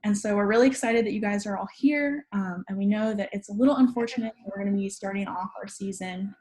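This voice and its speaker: Woman, 20s, student club president; friendly, rambling host with steady mid pitch. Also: quick pace. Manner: friendly, filler-heavy with frequent ums. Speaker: club president hosting an info session. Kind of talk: casual online info session.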